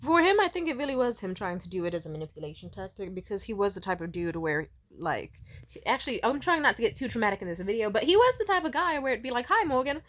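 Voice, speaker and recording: Young woman vlogging, swears a lot, animated storytelling, mid pitch, does little voices for people she quotes. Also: quick pace. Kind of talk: casual storytelling.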